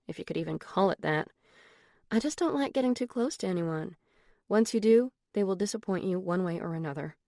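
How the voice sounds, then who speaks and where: A woman's voice: lowish voice, darkish tone, no room sound, studio quality, lightly acted. A woman reading an audiobook, voicing a guarded young woman who talks in a cool, matter-of-fact way.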